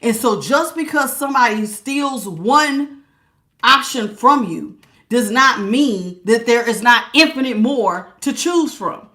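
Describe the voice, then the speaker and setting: Woman, bright and higher-pitched, an emphatic preachy tarot reader talking straight to her live viewers. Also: expressive, slow pace. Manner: preachy, emphatic, repeats words for stress. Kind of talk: live spiritual tarot reading.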